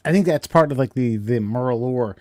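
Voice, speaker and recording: A man's voice: mid-range voice, a little fast, a little mellow, no echo, clean studio sound. A man co-hosting a casual podcast, talking hesitantly with fillers and laughs.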